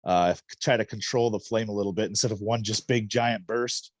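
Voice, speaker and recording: A man's voice: on the low side, steady tone, normal speed, no room sound. A man playing a tabletop game over a call, casually describing what his character does and laughing often. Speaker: player.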